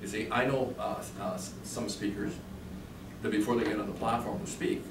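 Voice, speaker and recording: A man's voice: lowish voice, steady tone, a little fast, recorded from a distance. Man teaching a class in an echoey room. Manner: conversational, quizzes the class with questions. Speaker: real estate sales trainer. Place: training room with a live class. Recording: echoey room from afar with clear background noise.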